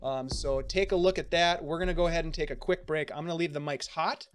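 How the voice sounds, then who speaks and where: A man's voice: on the high side, steady tone, fast talker, faint music behind. A man narrating as game master of a tabletop game, talking casually with many fillers and an upbeat manner.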